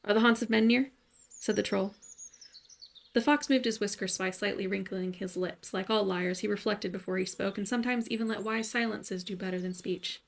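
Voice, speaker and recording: A woman narrating a bedtime story in a soft, soothing way. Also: medium pitch, fairly even intonation, normal speed, creaky.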